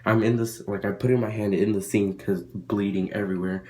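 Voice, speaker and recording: A man's voice: lowish voice, flat delivery, brisk, warm tone. Rambling young man telling a story. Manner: rambling, lots of fillers and restarts. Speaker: vlogger. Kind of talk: casual storytelling.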